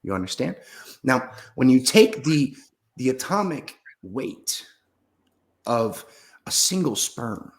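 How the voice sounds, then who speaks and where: A man playing a grandiose, rambling mystic who muses slowly and solemnly in a comedy sketch. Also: mid-range voice, very animated. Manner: slow, solemn pseudo-scientific musing, drawn-out pauses. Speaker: guest in a parody interview.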